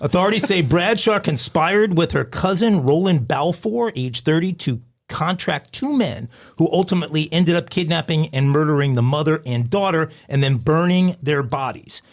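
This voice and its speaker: Gravelly man reading crime news. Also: a little high, expressive, moderate pace, few pauses. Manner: jokey, ad-libs asides while reading. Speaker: podcast co-host.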